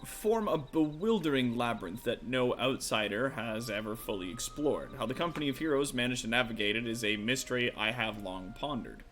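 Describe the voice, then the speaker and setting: A man voicing a careful female scholar, speaking formally and measuredly in a softer, lower tone. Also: lively intonation, brisk, hardly any pauses, lightly acted.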